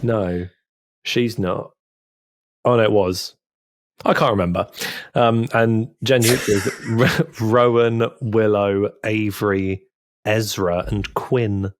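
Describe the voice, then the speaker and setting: A man's voice: on the low side, fairly even intonation, takes it slowly, dry recording. A man co-hosting a podcast in casual chat, rambling and laughing at himself. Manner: giggly, rambling, self-deprecating. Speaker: podcast co-host.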